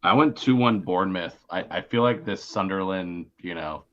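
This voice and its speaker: A man's voice: low-pitched, normal speed. A man co-hosting a podcast, laid-back and agreeable, chatting casually about soccer with slangy words. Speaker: podcast co-host. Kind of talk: casual sports chat. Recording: dull lo-fi sound.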